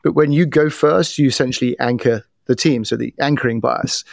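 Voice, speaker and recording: A middle-aged man, a guest on a podcast, explaining how people's biases work in an animated way, telling stories and often restarting his sentences. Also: medium pitch, a little fast, vocal fry, dry recording, studio quality. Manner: animated storyteller with repeated restarts. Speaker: podcast guest, bias trainer. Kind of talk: casual interview talk.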